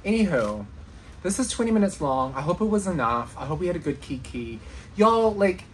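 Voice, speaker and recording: Excitable giggly woman vlogger. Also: on the low side, normal speed, a little hiss or hum. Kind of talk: casual vlog chat.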